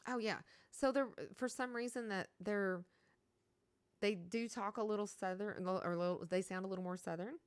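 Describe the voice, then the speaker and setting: A woman's voice: medium pitch, steady tone, normal speed, clean tone, no echo. A woman from Kentucky with a Kentucky accent, chatting casually on a stream and reading out chat, rambling and laughing as she talks.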